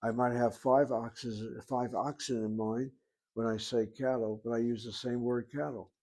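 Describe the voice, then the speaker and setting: A male teacher, taking his time through a grammar lecture and repeating each point so it sticks. His voice sits at an ordinary middle pitch, calm and steady. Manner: slow, deliberate explanation with repetition. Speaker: Hebrew teacher.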